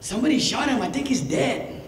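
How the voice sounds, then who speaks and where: Man voicing a jittery, high-strung caller; hall echo. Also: a little fast. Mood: panicky. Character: panicky man phoning his friend. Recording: echoey hall with ambient noise.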